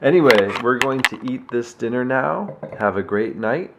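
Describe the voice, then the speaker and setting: A man's voice: mid-range voice, expressive, moderate pace, heavy background noise. A young man chatting casually in a daily vlog, rambling and laughing easily as he talks to his viewers. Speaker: vlogger.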